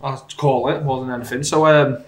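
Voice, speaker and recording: A man telling an anecdote in a casual podcast chat, in a measured, plainspoken way. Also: medium pitch, fairly even intonation. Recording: echoey room.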